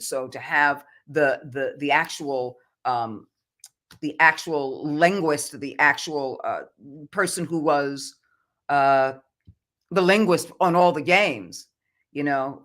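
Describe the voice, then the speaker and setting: Woman voice actor guest on a podcast; bright and forceful, earnest and reflective. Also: deep voice. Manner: earnest, reflective, speaks of faith. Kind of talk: podcast interview.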